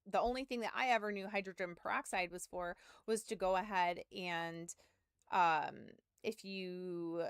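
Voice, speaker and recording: A woman's voice: lowish voice, steady tone, a little slow, clean tone, dry recording, clean studio sound. A woman streamer rambling through a story to her chat in casual talk, with lots of filler and some swearing. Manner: rambling, full of "like", swearing, self-mocking.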